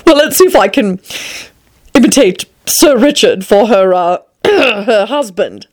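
A woman reading a storybook aloud in a measured, gently theatrical way. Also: mid-range voice, lively intonation. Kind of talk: expressive read-aloud storytelling.

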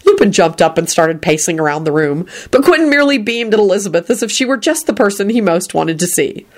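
A woman's voice: medium pitch, expressive, quick pace, a little mellow. A woman reading a story aloud, telling it expressively. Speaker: reader.

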